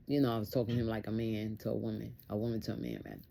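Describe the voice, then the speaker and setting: Woman telling a personal story, gravelly, dark mellow tone, earnest and repetitive. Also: very deep voice, very animated, rapid-fire, slight background noise. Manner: earnest, repeats phrases for emphasis.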